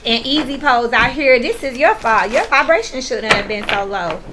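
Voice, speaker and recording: A woman's voice: fairly high pitch, lively intonation, normal speed, noisy background. A woman giving a casual tarot reading, talking straight to the viewer in a blunt, slangy, profane way that gets worked up, with sudden laughs. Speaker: tarot reader.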